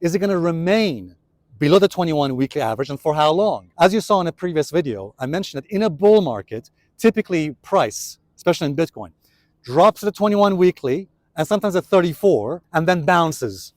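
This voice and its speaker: Male vlog host, higher voice, dry close sound, chatty explainer walking outdoors. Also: darkish tone, no echo. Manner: chatty, explains step by step, addresses viewers as guys. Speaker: trading video host. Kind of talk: casual market commentary vlog. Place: outdoors on city streets.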